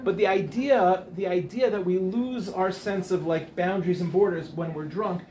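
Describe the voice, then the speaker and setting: A man's voice: sits high, moderate pace, a little mellow, slight background noise. A man, a rabbi, giving an informal Torah class, chatty and rambling, often breaking off to ask the audience questions. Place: Ramat Beit Shemesh.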